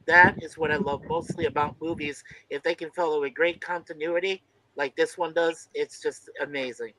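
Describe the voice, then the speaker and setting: A man's voice: on the high side, steady tone, moderate pace, crowd noise, poor audio. A man on a casual movie review panel, enthusiastic and emphatic in his praise.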